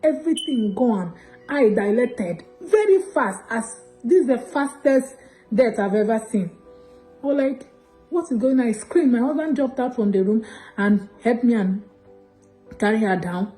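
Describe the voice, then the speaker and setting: A woman with a Nigerian accent giving an emotional church testimony, telling her story in an animated, breathless way. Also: a little high, unhurried, soft background music, poor audio.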